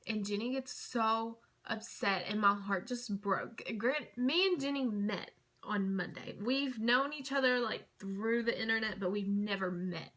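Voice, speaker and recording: Bright, gushing young woman vlogger. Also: mid-range voice, a little slow. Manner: gushing and chatty, full of fillers. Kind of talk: casual storytime chat.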